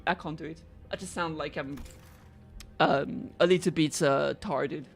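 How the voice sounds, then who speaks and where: A woman's voice: low-pitched, fairly even intonation, a little slow, vocal fry. A young woman streaming a game, chatting casually in a giggly, playful way.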